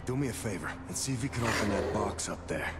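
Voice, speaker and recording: A man's voice: lively intonation, quick pace, natural voice. An actor playing a tough, unimpressed male mob boss in a video game, speaking dryly. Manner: dry, low, unimpressed. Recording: video game dialogue under loud music.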